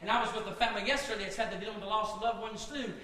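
Man, preacher, high bright voice, fervent sermon, call-and-response, distant mic, echoey church. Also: steady tone, racing. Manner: rising into shouted fervor, call-and-response. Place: church sanctuary.

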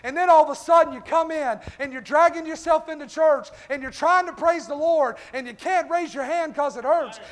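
A man's voice: very high-pitched, moderate pace, few pauses. A male pastor preaching a fervent revival-style sermon in a church, calling out congregation members by name. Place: church sanctuary. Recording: echoey church hall.

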